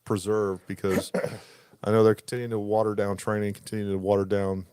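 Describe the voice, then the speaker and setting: Animated male host telling stories. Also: on the low side, fairly quick, clean tone, no echo, studio quality. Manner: animated storyteller, acts out dialogue with raised voice. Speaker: podcast host. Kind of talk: casual storytelling chat.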